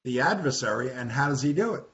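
A man's voice: mid-range voice, animated, fast talker, fairly bright tone. A man leading an informal Bible study, teaching conversationally and asking the group questions. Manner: conversational, repeats words, asks the group questions. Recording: dull lo-fi recording with faint hiss.

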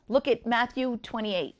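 A middle-aged woman giving an earnest Easter devotional talk, reading scripture and telling personal stories. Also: slight background noise. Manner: earnest, rises high when voicing others.

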